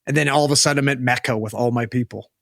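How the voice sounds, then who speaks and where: A man's voice: medium pitch, steady tone, very fast, vocal fry, dry recording. A young man from Western Canada, co-hosting a podcast and telling a rambling, sweary story in a casual chat, on a close mic. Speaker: podcast co-host.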